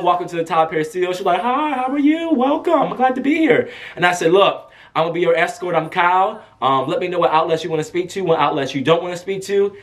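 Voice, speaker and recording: A young man telling a casual story to camera as a vlogger, animated and chatty, acting out what people said. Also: high voice. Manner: animated, chatty, acts out quotes in a raised voice. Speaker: vlogger and press escort.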